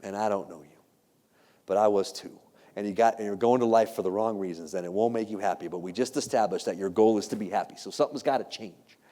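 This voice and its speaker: A middle-aged man giving an animated, joking keynote talk, telling stories and acting out the voices of the people in them. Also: on the low side, fast. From United States. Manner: animated, jokey, acts out quoted voices. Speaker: keynote speaker. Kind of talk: motivational keynote storytelling. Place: large hall before a live audience. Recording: long hall reverb.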